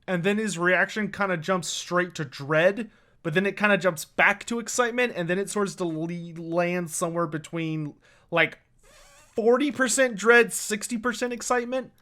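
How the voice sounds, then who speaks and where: A man running a tabletop role-playing game, narrating the scene in a loose, chatty way with plenty of fillers. His voice sits high and bright. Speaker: game master.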